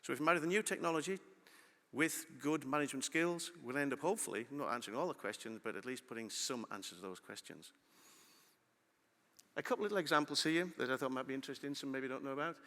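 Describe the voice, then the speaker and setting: Fast, bright-voiced man in a hall. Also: medium pitch. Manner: lively, asks the audience questions. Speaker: conference speaker. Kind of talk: conference talk. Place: large conference hall. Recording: long hall reverb.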